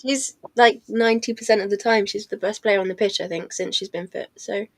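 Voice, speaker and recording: A woman's voice: mid-range voice, fairly even intonation, fairly quick, no echo. Thoughtful woman, dry close sound. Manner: thoughtful, hedging with "I don't know" and "like". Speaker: podcast panelist. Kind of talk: casual chat.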